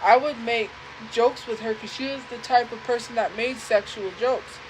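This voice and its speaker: Young woman livestreaming, kinda high voice, earnest and halting, keeps repeating herself. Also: fairly even intonation, a little hiss or hum, rough recording. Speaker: livestream host. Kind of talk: emotional personal storytelling.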